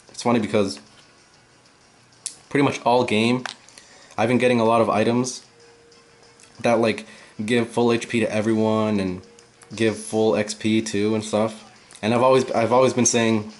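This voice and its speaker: A man's voice: on the low side, steady tone, normal speed, slight background noise. A young man casually commentating a video game, thinking aloud with lots of fillers as he plays. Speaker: gameplay commentator. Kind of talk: casual let's-play commentary.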